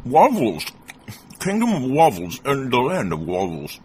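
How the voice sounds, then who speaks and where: A man voicing a friendly village cobbler who talks through a mouthful of food, muffled and slow. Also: medium pitch, huge pitch swings, a little mellow, a little hiss or hum, voice pushed up.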